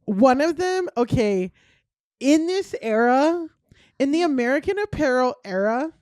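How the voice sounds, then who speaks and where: A woman in her thirties, a guest comedian on a casual podcast, telling lively stories and acting out quotes. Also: sits high, unhurried, dry recording, studio quality. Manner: animated storytelling, acting out quotes.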